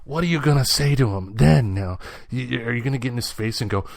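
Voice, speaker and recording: A male podcast host who talks in a playful, teasing way. His voice sits at an ordinary middle pitch, and the recording is close and dry, with no room sound. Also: a little fast, creaky, dry recording. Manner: teasing, joking interviewer. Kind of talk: casual podcast chat.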